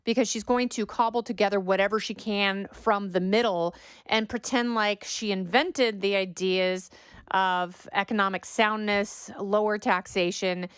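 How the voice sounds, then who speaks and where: A woman's voice: mid-range voice, a bit bright, smooth, dry recording, clean studio sound. A middle-aged woman hosting a political podcast, giving opinionated commentary with a sarcastic edge and mocking impressions of talking points. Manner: sarcastic, mocks quoted talking points in exaggerated voices. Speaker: podcast host.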